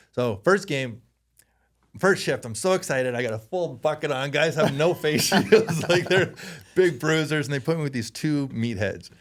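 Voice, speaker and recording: Speaking at a moderate pace in a slightly high voice, this ex-hockey player from Canada tells stories during a casual interview. He's animated throughout, often laughing while he imitates voices.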